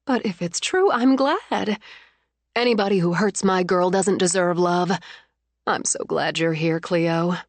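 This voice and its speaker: A woman's voice: on the low side, unhurried, no echo. A woman voicing a protective middle-aged mother who soothes and scolds by turns. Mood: soothing.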